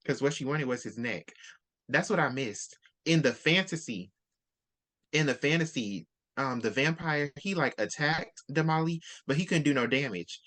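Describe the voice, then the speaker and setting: A host in a casual book discussion, retelling the story with lively quoted character lines. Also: mid-range voice, normal speed.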